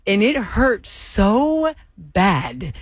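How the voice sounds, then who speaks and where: A woman's voice: medium pitch, big pitch swings, extremely slow, slightly rough, no room sound. A woman radio host chatting on a morning show, telling her story with dramatic energy. Her voice sits in the middle range, recorded dry and close in the studio.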